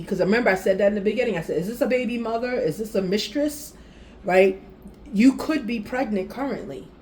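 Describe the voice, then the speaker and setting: A woman giving a casual tarot reading, animated and speaking directly to the viewer with frequent affirmations. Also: medium pitch, a little hiss or hum. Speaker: tarot reader.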